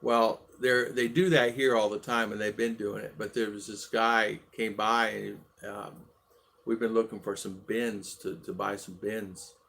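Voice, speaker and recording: A gravelly-voiced man hosts a casual live stream, greeting viewers one by one in a friendly way. He rambles, stops and restarts often, and fills pauses with "um" and "uh" as he chats. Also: fairly low pitch, flat delivery, fairly bright tone. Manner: rambling, halting, many fillers and restarts. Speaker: livestream vlog host.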